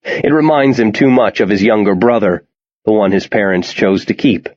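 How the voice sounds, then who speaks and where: Male audiobook narrator, low voice, steady tension, lo-fi sound. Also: normal speed. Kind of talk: scripted narration.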